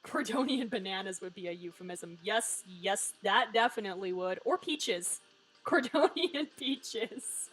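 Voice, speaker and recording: A woman's voice: medium pitch, animated, measured pace, a bit bright, husky, rough recording. A woman live-streaming a story game, giving wry, joking commentary and swearing freely. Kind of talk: casual live-stream commentary, reading game lines aloud.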